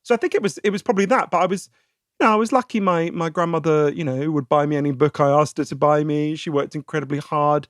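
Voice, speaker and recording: A man in his forties with a posh British accent, answering interview questions in a chatty, animated way, laughing often and restarting his sentences. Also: fairly high pitch, fast talker, no echo, clean studio sound. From Britain. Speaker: guest author.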